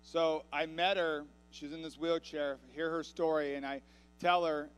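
A man preaching a sermon, telling a story with rising passion and growing loudness. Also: fairly high pitch, little pitch movement, moderate pace, smooth. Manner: impassioned storytelling, building in volume. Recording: reverberant hall with mains hum.

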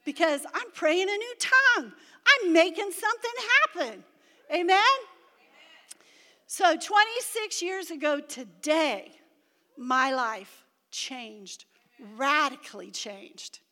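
High bright woman preaching in a hall. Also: slow pace. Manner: animated testimony, rising to shouts. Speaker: pastor's wife preaching. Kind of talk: sermon. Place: large church hall. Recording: reverberant church hall.

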